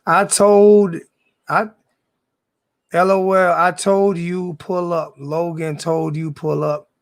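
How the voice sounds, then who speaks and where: High, gravelly man ranting at chat. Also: level tone, takes it slowly. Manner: confrontational, repeats himself, profane slang. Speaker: sports YouTuber answering live chat. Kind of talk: live-stream rant to chat.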